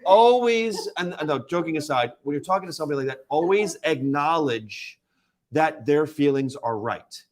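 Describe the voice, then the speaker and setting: A man's voice: a little high, fast talker, few pauses. A man on a sales panel, talking emphatically and acting out phone calls with customers. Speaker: Medicare sales trainer. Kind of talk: panel discussion.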